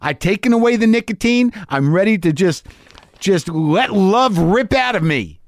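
A man talks through a confessional comedic monologue, rambling and poking fun at himself. His pitch sits a little high and swoops all over the place. The sound is dry and close with no room echo. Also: lively intonation, moderate pace. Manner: rambling, self-deprecating, with many restarts.

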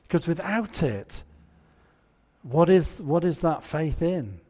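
Preacher in a reverberant church. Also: male voice, fairly high pitch, expressive, slow pace, a little mellow. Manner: conversational, asks the congregation questions. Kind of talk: sermon.

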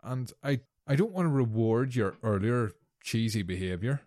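A man's voice: medium pitch, lively intonation, moderate pace, mellow, no room sound. A man co-hosting a casual gaming podcast, teasing his partner with a dry, sweary wit. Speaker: podcast co-host.

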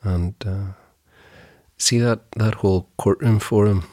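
A middle-aged man co-hosting a podcast, talking in a halting, wry way with chuckling asides. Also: on the low side, fairly even intonation, a little mellow, no room sound, studio quality. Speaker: podcast co-host. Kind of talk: casual chat.

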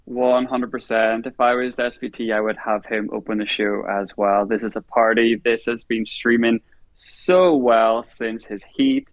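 A man's voice: medium pitch, fairly even intonation, unhurried, dry recording, muffled recording. A man giving confident, emphatic opinions as a panelist. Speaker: podcast panelist.

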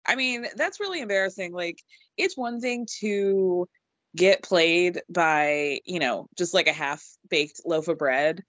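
A woman's voice: fairly low pitch, lively intonation, unhurried, a bit bright, no room sound. Chatty young woman podcast co-host. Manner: chatty, swears freely, frequent ums. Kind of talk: casual recap chat.

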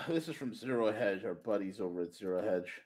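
A man's voice: fairly low pitch, animated, brisk, a little mellow, no echo, low-quality recording. A man hosting a podcast, delivering a sarcastic, mocking political monologue with emphatic bursts. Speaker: podcast host.

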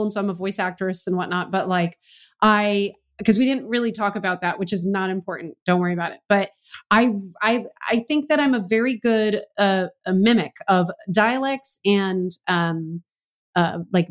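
A woman guest on a podcast who works as an actress and voice actress. She talks in an animated, playful way at a medium pitch. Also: normal speed. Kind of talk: casual interview chat.

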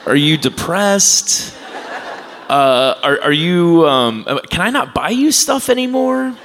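A man's voice: a little high, big pitch swings, slow, fairly bright tone, pitched above the performer's own voice, heavily acted. A man voicing his worried middle-aged mother, quizzing her son in an anxious, fretful way.

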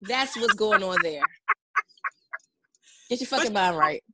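Brash, expressive woman swearing freely. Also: medium pitch, a little slow, creaky, heavy background noise. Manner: brash, profane, acts out mock voices. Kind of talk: casual chat.

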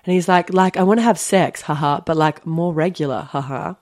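Lively young woman telling a story on a podcast. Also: sits low, fairly quick. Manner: animated, lots of "like" fillers, laughs often. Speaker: podcast co-host. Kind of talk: casual storytelling chat.

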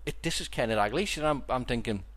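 He talks fast, his medium-pitched voice a bit bright and lively in intonation. Hosting a casual podcast, this Liverpool man with a Scouse accent rambles through stories, restarting frequently and repeating words.

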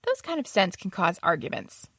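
A woman's voice: fairly low pitch, wildly swooping pitch, moderate pace, vocal fry, fairly bright tone, husky, dry recording, clean studio sound. A young adult woman casually telling stories about her roommates, often laughing as she talks. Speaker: storyteller.

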